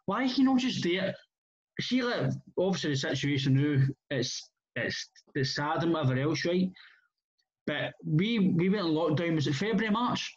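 A man's voice: on the high side, lively intonation, moderate pace. A Scottish man in casual football chat, blunt and rambling, swearing freely with many restarts. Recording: muffled lo-fi audio.

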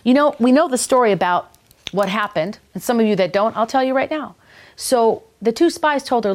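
A woman's voice: fairly high pitch, expressive, fairly quick. A woman with a Minnesota accent hosting a faith-based talk show, speaking in an earnest, enthusiastic, preacherly way. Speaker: ministry talk show host.

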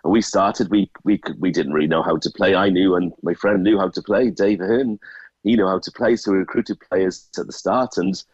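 A man's voice: deep voice, steady tone, normal speed, breathy edge, no echo, dull audio. A man with a Welsh accent, a radio guest chatting casually and explaining things, sometimes repeating words. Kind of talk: casual radio phone chat.

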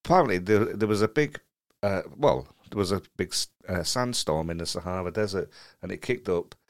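Low gravelly man, teasing. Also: animated, brisk. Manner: dry, teasing banter. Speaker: podcast co-host. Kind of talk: casual chat.

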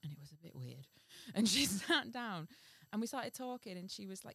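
A woman's voice: medium pitch, fast, vocal fry, few pauses, dry recording. A woman co-hosting a comedy podcast, chatting loosely, acting out what others said, and reading a story aloud. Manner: animated, acts out quoted people, laughs often. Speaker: podcast co-host.

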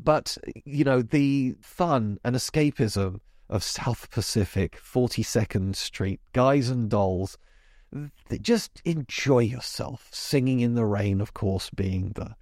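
A man's voice: medium pitch, slow, a little mellow, dry recording, studio quality. A man hosting a podcast, talking casually and emphatically about musicals with chatty asides. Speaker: podcast host. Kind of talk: casual chat monologue.

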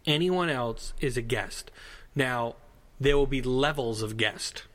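A man's voice: mid-range voice, slow, a bit bright. A man co-hosting a casual podcast, rambling and digressive with a jokey tone. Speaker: podcast co-host. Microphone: headphones and studio mic.

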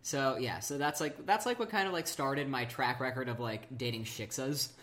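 A woman with an extremely low voice chatting on a podcast. She wanders from tangent to tangent and leans heavily on fillers as she thinks aloud. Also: normal speed, fairly bright tone. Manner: rambling, tangential, many fillers. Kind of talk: casual chat.

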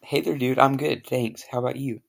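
A man's voice: mid-range voice, fairly quick, vocal fry. A man playing a laid-back American dude. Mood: easygoing. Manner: relaxed, slangy, easygoing. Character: laid-back American guy, software engineer.

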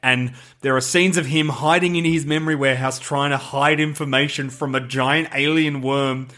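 A man, co-hosting a casual film discussion, animated and laughing as he recounts a movie's plot. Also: mid-range voice, normal speed. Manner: animated, laughing, reads plot synopsis aloud. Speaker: podcast co-host.

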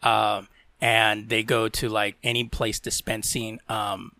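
Bright-voiced laughing man podcaster. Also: little pitch movement, slow, no echo. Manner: laughing storyteller, mimics people in high voices. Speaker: podcast co-host. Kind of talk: casual chat.

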